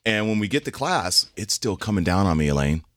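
A man's voice: a little fast, no echo, clean studio sound. A man in his forties, a podcast co-host telling a funny story in casual chat and acting out the voices in it. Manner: animated, acts out quoted voices with big pitch jumps.

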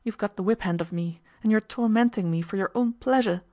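A woman's voice: medium pitch, fairly quick, mellow, lightly acted. A woman reading the part of a frightened, evasive woman who answers in a quavering, dogged, defensive way. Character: frightened, evasive lodging-house woman, stubborn.

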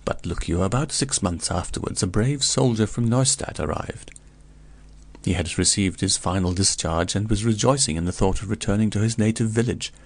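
A man's voice: fairly low pitch, moderate pace. A man voicing a gossipy older male curiosity vendor who tells a grim tale in a chatty, meditative way. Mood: storytelling.

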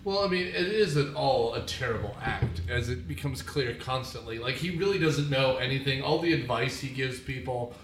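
A man's voice: mid-range voice, moderate pace, few pauses, slight background noise. Guy joking about movies on a podcast, sounds far from the mic, roomy. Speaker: podcast co-host. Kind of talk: casual movie discussion.

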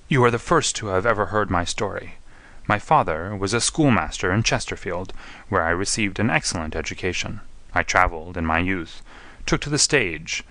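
A desperate, refined gentleman prisoner, as a narrator puts him on, pleading and anguished. The voice is low yet tense and bright at the edges. It is recorded dry and close. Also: dry recording, heavily acted.

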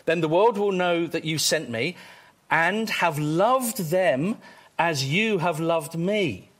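A man preaching a sermon, excitable, moving between quiet stretches and loud exclamations. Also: fairly high pitch, a little slow.

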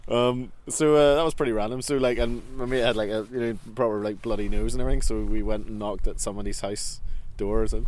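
A man's voice: fairly low pitch, fairly even intonation, fast, a little mellow, a little hiss or hum. A man recalling his teenage years in casual chat, rambling and laughing often, recorded outdoors in a park. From Northern Ireland. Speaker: guest. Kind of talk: casual reminiscing.

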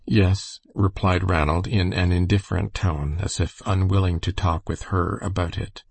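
A man reading a novel aloud as an audiobook narrator, with steady, unhurried storytelling. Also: low voice, creaky, no room sound. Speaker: audiobook reader. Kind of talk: scripted narration.

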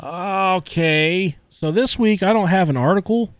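A man's voice: sits high, measured pace, no echo. A young adult man hosting a podcast, joking crudely and swearing often, with frequent laughter. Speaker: podcast host. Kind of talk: casual podcast banter.

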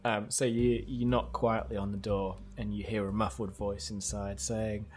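A man's voice: on the low side, flat delivery, moderate pace, few pauses, darkish tone. A man running a tabletop game as game master, rambling with many fillers and restarts.

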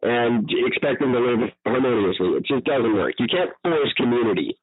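A man's voice: medium pitch, expressive, moderate pace, husky, no room sound. A man from Vancouver co-hosting a podcast, chatting casually, with frequent ums and restarts as he makes his points. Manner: hesitant, many ums, stops and restarts, opinionated. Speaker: podcast co-host. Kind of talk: casual chat. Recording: tinny phone-like audio.

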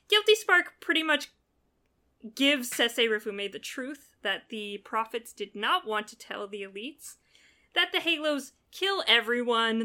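A woman hosting a casual podcast, recapping a story in an animated, chatty way. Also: a little high, clean tone. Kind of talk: casual chat.

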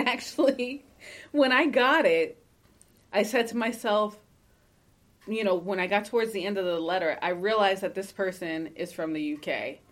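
Animated, swearing woman podcast co-host. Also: medium pitch. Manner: animated, swearing, laughing often. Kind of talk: casual podcast chat.

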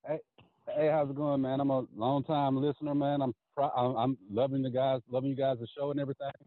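A man's voice: mid-range voice, flat delivery, fast talker, dry recording. A man calling in to a show, speaking in a friendly, plainspoken way. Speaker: caller. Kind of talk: phone-in caller comment. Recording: phone line.

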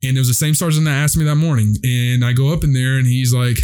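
A man's voice: medium pitch, steady tone, fast talker, darkish tone, smooth. A young man telling a rambling, profane story in a casual chat with friends, full of fillers.

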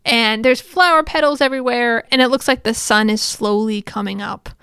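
A chatty, excitable woman recaps an episode and scatters fillers through every sentence. Her voice sits a touch high and sounds bright, smooth and crisp. The sound is close and dry, with no room in it. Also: normal speed, no echo. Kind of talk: casual chat.

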